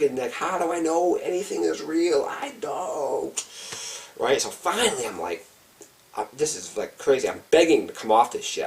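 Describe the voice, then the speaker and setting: A man's voice: mid-range voice, a little mellow, far from the mic, low-quality recording. A man telling a personal story in a casual, intense, heavily profane way, acting out his own frantic thoughts. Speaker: vlogger. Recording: voice set back from the mic.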